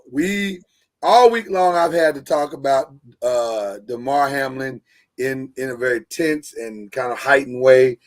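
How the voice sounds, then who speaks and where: A man hosting a live sports talk show online, energetic and joking, loose with fillers. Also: mid-range voice. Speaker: host.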